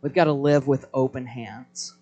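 Pastor guy preaching live in church, lively storyteller, gets the crowd talking back, bit of quiet music under it. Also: medium pitch, moderate pace, dull audio. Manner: animated storytelling, prompting the crowd to respond. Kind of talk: live sermon to a congregation.

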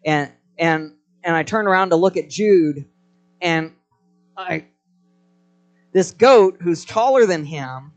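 A man's voice: high-pitched, slow, long pauses. A man preaching a live sermon to a congregation, telling stories with energy and prompting the crowd to respond. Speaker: pastor.

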